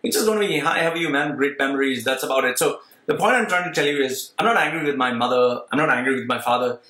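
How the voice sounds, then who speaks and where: A man's voice: mid-range voice, fast talker, bright, forceful tone. Blunt man talking to viewers, roomy echo. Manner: blunt and emphatic, repeats himself. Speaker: vlogger. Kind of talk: candid monologue to viewers.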